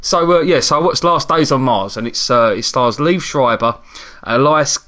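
A man's voice: mid-range voice, normal speed, a bit bright. A man in casual chat, recapping a film in a rambling, hesitant way with frequent restarts.

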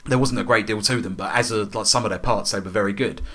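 A man's voice: on the low side, quick pace, pushed and bright. A young man chatting enthusiastically about comics, rambling with lots of fillers and restarts. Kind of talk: casual chat about comics.

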